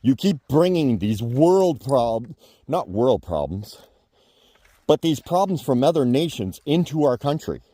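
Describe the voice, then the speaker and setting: A man vents in a blunt, heated rant, swearing freely. His voice is mellow and warm, yet it swings widely in pitch as he gets worked up. The sound is dry and close. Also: big pitch swings, a little slow, no room sound. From Canada. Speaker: vlogger. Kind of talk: political rant to camera.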